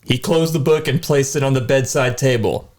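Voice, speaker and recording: A man's voice: mid-range voice, moderate pace, darkish tone. A young man co-hosting a podcast, casually reading a horror story aloud, tripping over words and laughing along the way. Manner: laid-back, stumbles and laughs over words. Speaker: podcast co-host.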